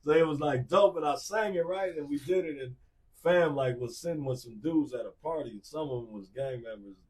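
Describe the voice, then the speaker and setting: Fairly high-pitched and fairly quick, this man in his forties, an R&B singer, is heard on a distant mic while guesting on a podcast. He tells casual stories with animation, acting out the voices of the people in them.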